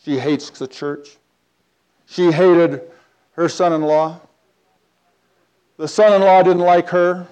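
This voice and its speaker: A man telling a personal story in a talk, animated, with big swings between loud and quiet. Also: fairly high pitch, slow, pauses often, clean tone.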